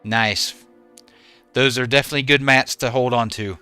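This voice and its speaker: A man's voice: mid-range voice, fairly even intonation, normal speed, pushed and bright, clean tone, faint music behind. A man in his forties, a game streamer chatting casually with his viewers and answering them by name.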